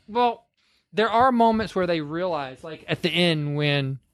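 A man's voice: fairly high pitch, expressive, measured pace, fairly bright tone, no room sound, clean studio sound. A man co-hosting a podcast, casually retelling a film's plot and acting out the characters' lines. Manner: chatty, acts out lines in put-on voices. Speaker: podcast co-host.

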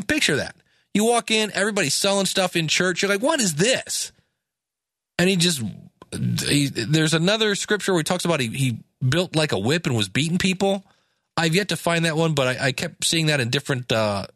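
Man, casual bible teacher, slightly high voice, dry close sound, slangy paraphrasing. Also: no room sound. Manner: reads scripture aloud, then paraphrases in casual slang; animated, acts out quoted lines.

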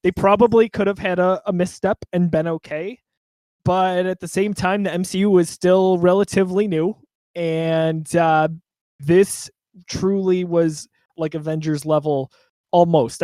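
A man's voice: high-pitched, steady tone, unhurried, dark tone, no echo. A man co-hosting a movie podcast, chatting casually and laughing through his stories. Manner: chatty, apologetic, laughs while telling a story. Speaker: podcast co-host. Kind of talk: casual chat.

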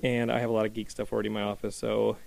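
A man hosting a casual podcast chat in a small studio, energetic and rambling with many fillers. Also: fairly low pitch, racing, creaky, dry recording. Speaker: podcast host. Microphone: studio microphone.

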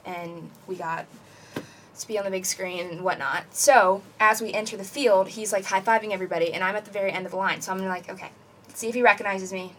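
Young woman, podcast co-host, rambling animated storyteller, mid-pitched, slightly distant mic. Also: a little hiss or hum. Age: young adult. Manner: animated, rambling, many "like" and "basically". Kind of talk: casual chat, storytelling.

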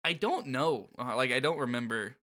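A joking, profane male podcast co-host recapping a game in loose, casual chat. His voice is bright and crisp, with lively swings in pitch. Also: moderate pace. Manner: joking, profane, laughs often.

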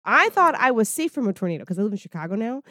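Woman, podcast co-host, animated, laughing, slightly high, dry room. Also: rapid-fire, no echo. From Maryland, USA. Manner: animated storyteller, laughs often, acts out quotes. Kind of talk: casual chat. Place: home.

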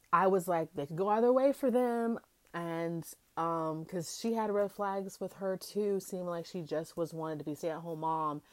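A young woman hosting a podcast, recapping a reality show in a chatty, animated way and acting out quotes from the cast. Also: fairly low pitch, no echo. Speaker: podcast host. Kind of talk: casual recap chat.

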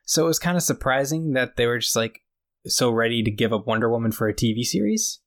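A man's voice: medium pitch, expressive, quick pace. A man co-hosting a podcast, retelling a story in casual chat with lots of fillers and quoted lines. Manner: retells scenes with quoted dialogue, many fillers. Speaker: podcast co-host.

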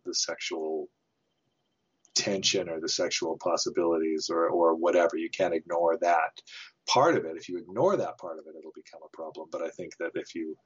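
A man's voice: low-pitched, husky, muffled recording. A man co-hosting a podcast, musing hesitantly about a film as he thinks aloud. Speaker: podcast co-host. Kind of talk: casual film discussion.

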